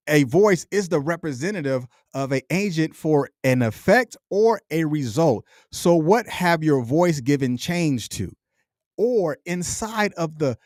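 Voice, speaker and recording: A middle-aged man speaks straight into a dry, close mic, his voice sitting a touch higher than most men's. He builds a motivational monologue in rolling, repeated phrases with a preacher's cadence. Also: a little mellow, no room sound. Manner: reflective, repetitive, preacher-like cadence. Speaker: podcast host.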